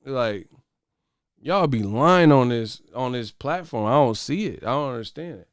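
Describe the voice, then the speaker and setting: A man's voice: mid-range voice, a little slow, clear, resonant tone, no room sound, studio quality. A man hosting a boxing channel who rants to his viewers in casual, profane livestream chat. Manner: profane, animated ranting.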